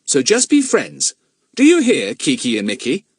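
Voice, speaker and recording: Man playing a firm storybook schoolboy, raised pitch, husky. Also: huge pitch swings, moderate pace, dry recording, studio quality, heavily acted. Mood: stern. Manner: firm, stern. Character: sensible boy with a monkey, young teen.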